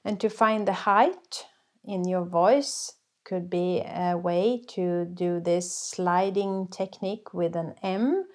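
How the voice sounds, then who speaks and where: Woman vocal coach, unhurried and patient teaching delivery. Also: fairly low pitch, fairly even intonation. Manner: slow, patient explaining with sung and barked demonstrations. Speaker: folk singer and vocal coach. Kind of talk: workshop teaching.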